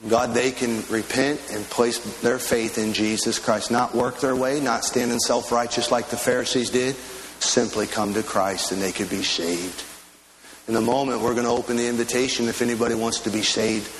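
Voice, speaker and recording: A middle-aged man preaching in church, telling homely stories and slowing into earnest pleas. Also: on the low side, slight background noise, rough recording. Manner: folksy storytelling preacher, slows into earnest pleas. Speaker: pastor. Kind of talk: sermon. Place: church sanctuary.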